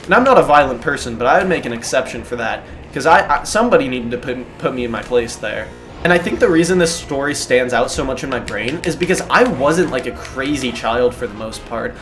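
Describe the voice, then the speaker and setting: A man casually telling a personal story in an animated, self-deprecating way, swearing freely. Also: medium pitch, a little fast, faint music behind.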